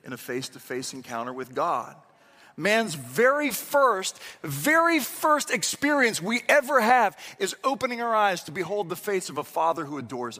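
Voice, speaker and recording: A man delivers a sermon in a high, bright voice. He draws out key phrases slowly and acts out short quoted exchanges. The sound rings with the long reverb of a large church hall. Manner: emphatic, drawn-out dramatic delivery with acted-out quotes. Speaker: preacher.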